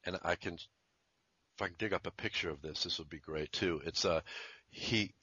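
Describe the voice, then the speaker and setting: A man's voice: sits low, normal speed, bright, forceful tone, husky, no echo, muffled recording. A man in his fifties from Virginia, a jingle composer and musician, telling stories in an interview in a rambling, chuckling way with many restarts. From Virginia, USA. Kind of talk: conversational interview storytelling.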